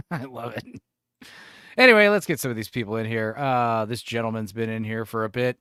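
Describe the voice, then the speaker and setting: A man's voice: mid-range voice, fairly quick, clean tone, no room sound, clean studio sound. A man hosting a casual livestream, rambling and chuckling as he chats. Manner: rambling, chuckling, with lively intonation. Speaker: streamer host.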